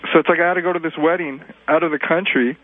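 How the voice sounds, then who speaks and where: An indignant male caller from Los Angeles, stammering over a thin phone line. His voice sits a little high. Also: steady tone, rapid-fire. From Los Angeles area. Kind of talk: phone-in chat. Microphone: telephone. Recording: tinny phone line on radio.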